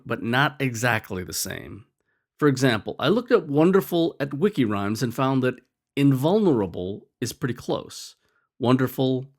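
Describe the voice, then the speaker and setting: A man talking through a scripted lesson with a lively, wry delivery. His pitch moves up and down a lot as he explains, and his tone stays clear and conversational. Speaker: teacher.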